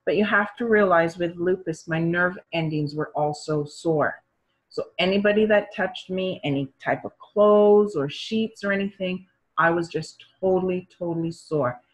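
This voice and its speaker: A woman's voice: lowish voice, moderate pace, slightly rough, rough recording. A middle-aged woman telling her own health story in a conversational way, acting out the voices of the people in it. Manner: animated, acts out quoted voices of doctors and parents. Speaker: storyteller sharing her experience.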